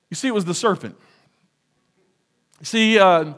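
An animated male pastor preaching a sermon, his voice sitting a little high for a man. He breaks into shouted quotes and jokes to his listeners between verses. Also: moderate pace, long pauses.

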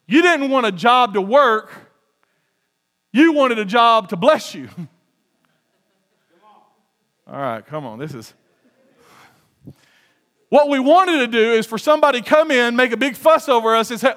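High-voiced male pastor preaching. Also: sing-song, a little slow, long pauses, fairly bright tone. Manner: conversational preaching, laughs at own jokes. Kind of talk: sermon.

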